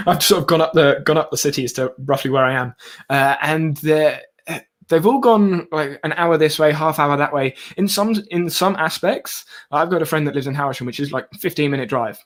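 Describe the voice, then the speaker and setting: A man's voice: fairly high pitch, normal speed. A young man in his twenties with a southeast English accent, chatting casually as host of a live stream, laughing often. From southeast England. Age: 20s.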